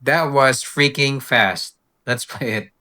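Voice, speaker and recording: A man with a bright, forward voice narrates a software walkthrough, explaining each step in an unhurried way. He sounds relaxed and practical, like a tutorial host. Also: mid-range voice. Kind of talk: screen-recorded software walkthrough.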